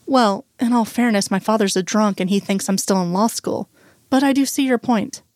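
Woman reading steady man, wry, gentle, reassuring, storybook audio. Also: mid-range voice, moderate pace, dry recording, studio quality, close to an everyday voice. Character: steady, wry grown man comforting his partner.

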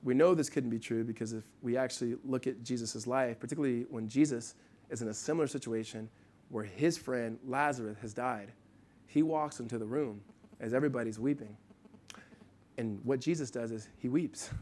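A middle-aged man from the United States preaching a sermon in a conversational way, with restarts and asides, swinging from loud to hushed. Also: mid-range voice, fairly quick. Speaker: pastor.

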